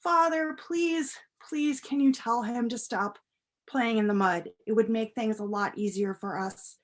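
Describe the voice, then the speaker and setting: Two older sisters begging their father for help, as a woman plays them. They speak higher, repeating their plea slowly and insistently. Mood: pleading. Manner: begging, repetitive.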